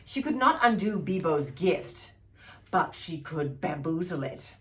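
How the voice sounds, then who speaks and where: Woman reading a storybook to kids, slow pace, lively up-and-down voice, playful. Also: deep voice. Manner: expressive, playful, showing pictures. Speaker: childcare storyteller. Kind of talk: reading a picture book aloud to children.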